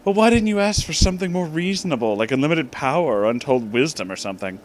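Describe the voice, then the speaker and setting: A man's voice: a little high, expressive, fast, a little hiss or hum, pitched above the performer's own voice, natural voice. A man voicing an exasperated, motherly female goddess who chides and coaxes. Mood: chiding.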